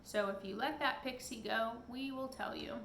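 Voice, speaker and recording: A woman's voice: fairly high pitch, moderate pace, fairly bright tone, a little hiss or hum. A woman voicing a bold, eager young boy who speaks up bravely, in an echoey room. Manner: bold, urgent.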